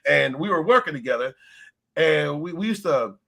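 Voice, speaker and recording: Casting: middle-aged male streamer, bright husky voice, loose and profane, laughs a lot. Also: on the high side, lively intonation, moderate pace. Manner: loose, laughing, greets chat by name, swears freely. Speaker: livestream host. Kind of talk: casual livestream chat.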